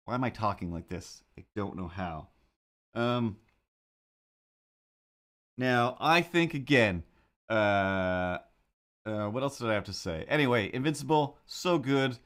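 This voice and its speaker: A man animating on a live stream, chatting casually to viewers in a rambling, easily sidetracked way with excitable asides. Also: fairly low pitch, a little slow, long pauses. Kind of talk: casual livestream chat while animating.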